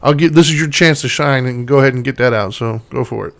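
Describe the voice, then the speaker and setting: A man's voice: mid-range voice, fast talker, gravelly, fairly bright tone. A middle-aged man co-hosting a casual podcast chat, talking in an earnest, conversational way with frequent fillers. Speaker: podcast co-host.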